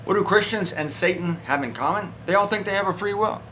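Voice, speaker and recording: A man giving an informal, animated Bible talk, conversational and playful, acting out voices as he goes. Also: high-pitched, fast talker, a little hiss or hum, poor audio. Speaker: Bible teacher.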